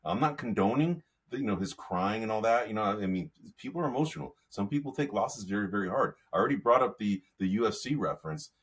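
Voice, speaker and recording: A man's voice: fairly low pitch, animated, fast talker, few pauses, slightly rough. A man co-hosting a sports podcast, talking casually in a rambling, conversational way. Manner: rambling, conversational, lots of fillers. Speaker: podcast co-host.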